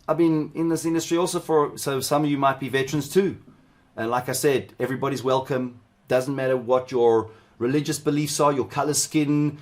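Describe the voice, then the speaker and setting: A man's voice: mid-range voice, brisk. A middle-aged man from South Africa leading a live cybersecurity workshop, chatting loosely with viewers and wandering into asides as he teaches. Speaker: cybersecurity instructor.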